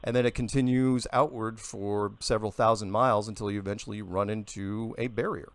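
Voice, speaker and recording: A man arguing his case in a heated radio debate, insistent and quick to interrupt, breaking into emphatic outbursts. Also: lowish voice, fairly even intonation. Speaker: flat earth guest.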